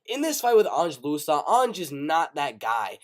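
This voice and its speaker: A man hosting a casual live show, giving animated, rapid-fire fight predictions with play-by-play bursts. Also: fairly high pitch. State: coughing, sick. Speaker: MMA prediction show host. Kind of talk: casual live-stream commentary.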